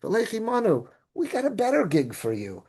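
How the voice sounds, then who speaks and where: A man teaching as a rabbi, reading Hebrew verses and then retelling them in casual, animated English. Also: high-pitched, normal speed, breathy edge. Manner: animated storytelling. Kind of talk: Torah class.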